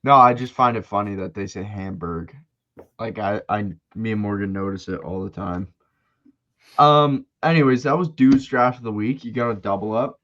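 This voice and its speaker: A man's voice: on the low side, normal speed, fairly bright tone, muffled recording. A young man co-hosting a podcast, chatting casually with laid-back, rambling asides. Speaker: podcast co-host. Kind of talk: casual chat.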